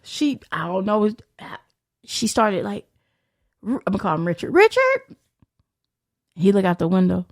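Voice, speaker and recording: A young woman as a podcast guest, telling a story in casual, profane, animated fashion and acting out the voices of others. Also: medium pitch, normal speed, dry recording, clean studio sound.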